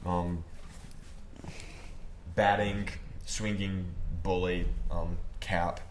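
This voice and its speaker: A man's voice: low-pitched, flat delivery, drawn-out words, slight background noise. A young man co-hosting a podcast in casual chat, hesitant and a little pedantic, with frequent ums. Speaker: podcast co-host.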